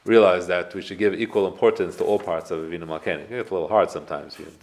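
Man, rabbi teaching a class, very low voice, rapid, asks rhetorical questions. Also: steady tone, darkish tone. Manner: explains with rhetorical questions, quotes prayers. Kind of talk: casual Torah class.

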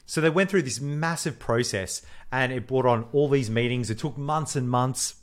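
A man, co-hosting a podcast and telling a story in casual chat, animated, swearing freely and acting out the voices he quotes. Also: medium pitch, moderate pace. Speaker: podcast co-host.

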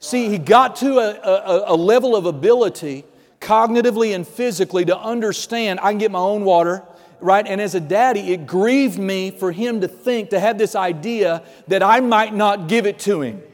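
A male pastor delivers an animated sermon, dropping to a hush and then rising to loud declarations. His voice sits fairly high. The sound carries a long reverb from a large church hall. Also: normal speed. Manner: animated preaching, swinging between hushed and loud.

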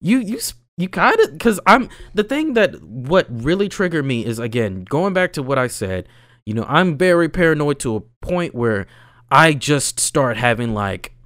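A young man in casual chat, telling a story with lively, swooping pitch, slangy and animated, jumping between loud bursts and low mutters. The sound is dry and close, with no room around him. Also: moderate pace, no room sound. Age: young adult.

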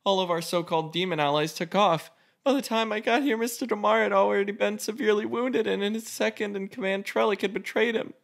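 A man voicing a distraught male necromancer who sobs and wails in a high, loud voice. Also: fairly even intonation, fairly quick, gravelly. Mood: sobbing panic. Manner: wailing, high-pitched, loud.

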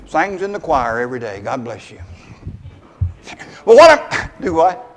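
Folksy high-voiced preacher in a church hall. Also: male voice, sing-song, measured pace, a bit bright. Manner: folksy, conversational preaching that banters with the congregation. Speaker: pastor. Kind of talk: sermon.

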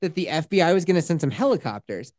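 A woman's voice: low-pitched, fast, no echo, clean studio sound. A woman co-hosting a podcast, retelling a film scene by scene in a casual, profane way. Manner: animated, profane retelling with acted-out quotes. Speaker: podcast co-host. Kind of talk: casual chat, movie review.

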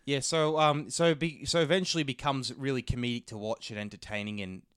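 A man's voice: medium pitch, steady tone, a little fast, fairly bright tone, smooth, no room sound, studio quality. A man chatting casually, rambling with lots of restarts and fillers, swearing freely. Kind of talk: casual chat.

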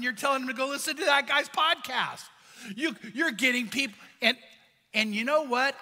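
High, bright-voiced preacher in a hall. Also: male voice. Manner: earnest, conversational preaching with rhetorical questions. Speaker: pastor. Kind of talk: sermon.

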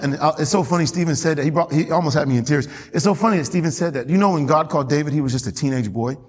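A male pastor preaching a lively sermon in church, calling out to the congregation and repeating key phrases. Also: a little high, husky, big-room sound. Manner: animated, call-and-response with congregation, repeats phrases, laughs often. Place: church sanctuary.

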